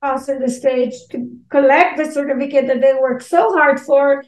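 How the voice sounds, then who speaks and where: A woman's voice: high-pitched, normal speed. A middle-aged woman co-hosting a podcast, firmly scolding her co-host in a heated casual debate. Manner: firm, scolding. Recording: echoey room.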